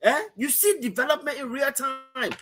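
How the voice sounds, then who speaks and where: A man's voice: extremely high pitch, moderate pace, fairly bright tone. A man with a Liberian English accent giving impassioned political commentary on a streamed talk show, emphatic and repetitive. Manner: emphatic, repetitive, addresses co-host as brother. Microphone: streaming setup.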